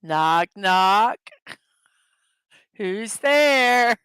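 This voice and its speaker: Middle-aged lady livestreaming, slow easy talk, kinda high voice, giggles a lot, dry close sound. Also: animated, a bit bright, clean tone, dry recording. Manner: giggly, reads chat jokes aloud. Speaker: livestream host. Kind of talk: casual livestream chat.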